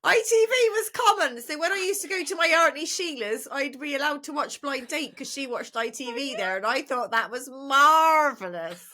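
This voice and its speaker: A woman's voice: high voice, normal speed, few pauses, pushed and bright. A middle-aged woman, co-hosting a podcast with playful, joking banter and frequent laughs. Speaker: podcast co-host. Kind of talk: casual comic chat.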